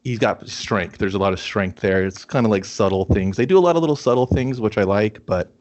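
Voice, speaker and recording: A man with a fairly low voice weighs in as a podcast co-host, rambling through his thoughts on a film. He leans on filler words, restarts his sentences and swears freely. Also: fairly quick, a little mellow, highs cut off. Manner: rambling, profane, filler-heavy opinions. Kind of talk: casual movie review chat.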